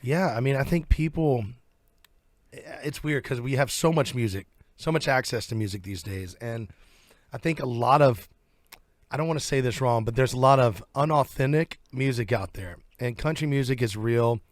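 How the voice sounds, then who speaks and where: A man with a Southern US drawl, chatting easily as a guest in a radio studio. He rambles in a relaxed way and laughs easily. His voice sits at an ordinary male pitch and sounds dry and close. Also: no echo. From southern United States. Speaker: country singer, interview guest. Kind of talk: casual interview chat.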